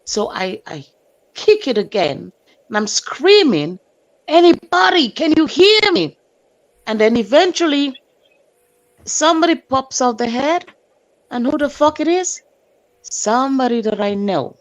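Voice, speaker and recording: A woman on a stream telling a story from her day with animated delivery, acting out her own shouts and sometimes hunting for words. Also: on the high side, a little slow, pauses often. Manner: hunts for words, fills with "um". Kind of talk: casual storytelling. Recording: dull lo-fi stream audio.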